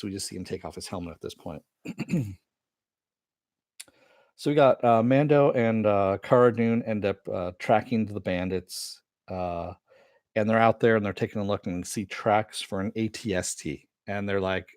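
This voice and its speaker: A man's voice: on the low side, a little mellow, no room sound, clean studio sound. A man casually recapping a TV episode in a rambling, filler-heavy way, sometimes swearing. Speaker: reviewer.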